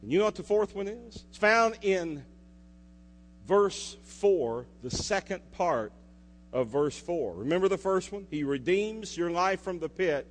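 High-voiced male preacher in a big hall. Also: expressive, unhurried. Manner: preaching with sharp swings from loud to hushed; asks the congregation questions. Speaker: pastor. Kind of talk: sermon. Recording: reverberant hall with mains hum.

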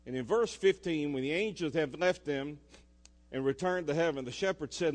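A man preaches a sermon in a slightly high voice. He swings between forceful emphasis and quiet, intimate asides. His words ring with the long echo of a church sanctuary. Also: moderate pace. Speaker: pastor. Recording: echoey church hall.

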